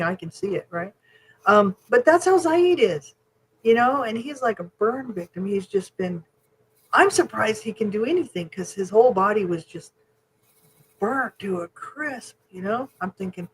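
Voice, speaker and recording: A woman co-hosting a podcast in casual chat, frank and animated, swearing freely. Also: mid-range voice, a little hiss or hum, low-quality recording. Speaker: podcast co-host.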